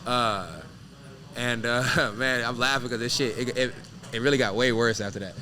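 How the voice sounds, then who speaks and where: A man who is a professional fighter, guesting on an interview show and telling animated, profane stories that act out each scene. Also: medium pitch, normal speed. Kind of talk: casual storytelling interview.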